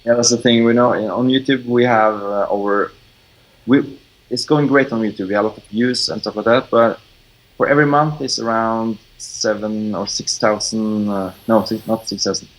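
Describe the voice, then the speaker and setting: Male guest, English, low-pitched, hesitant with lots of fillers. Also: steady tone, low-quality recording. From Norway. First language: Norwegian. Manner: halting, many fillers, searches for words. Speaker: guest filmmaker. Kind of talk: casual interview chat.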